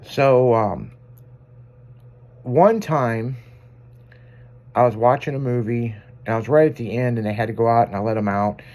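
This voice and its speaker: A man's voice: medium pitch, moderate pace, pauses often, a little mellow, muffled recording. A man hosting a radio show, telling rambling, profane stories in a casual on-air chat. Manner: rambling, profane, self-amused anecdotes.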